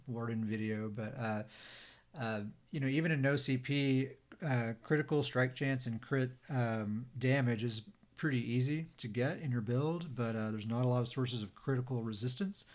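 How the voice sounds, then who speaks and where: A man's voice: mid-range voice, normal speed. A man hosting a casual gaming podcast, explaining game mechanics in a loose, chatty way full of "uh" and "um". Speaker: podcast host.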